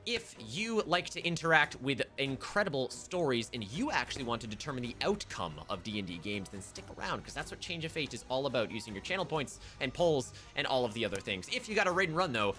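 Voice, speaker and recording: A man's voice: medium pitch, fast talker, hardly any pauses, soft background music. A man running a livestreamed tabletop game as game master, narrating casually with fillers. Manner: relaxed, rambling with fillers.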